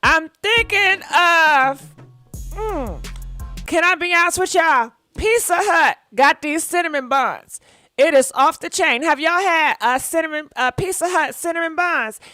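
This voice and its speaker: A woman's voice: very high voice, unhurried, pushed and bright, dry recording, faint music behind. A woman hosting a call-in show, chatty and encouraging, speaking straight to her listeners. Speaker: talk show host. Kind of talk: casual chat.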